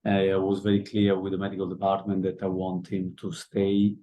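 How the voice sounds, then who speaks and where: Low, dark-voiced coach at a press conference. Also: male voice, completely flat delivery, low-quality recording. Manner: measured, with frequent hesitations. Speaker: head coach.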